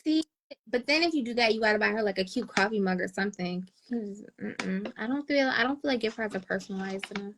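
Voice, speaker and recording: A woman's voice: medium pitch, fast, a bit bright. A woman co-hosting a casual chat show, teasing and reacting playfully. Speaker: co-host.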